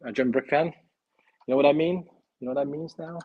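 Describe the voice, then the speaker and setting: A man hosting a casual live stream, chatting excitedly and thinking aloud while he builds a toy kit. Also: a little high, quick pace, narrow, tinny audio.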